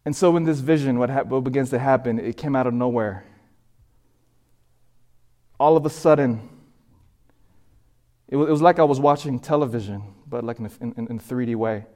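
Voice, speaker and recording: A man giving an emotional sermon testimony, pleading, with halting repetitions as he tells his story. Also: mid-range voice, darkish tone.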